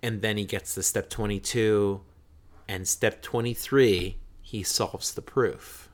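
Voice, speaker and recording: Man, low and unhurried, spinning a story in a chat among friends. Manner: slow, animated storytelling with quoted voices. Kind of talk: casual chat.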